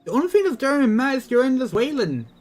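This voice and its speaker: A man's voice: extremely high pitch, sing-song, fast, soft background music. A man voicing a brash, impatient adventurer companion who talks bluntly with folksy slang. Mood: scornful.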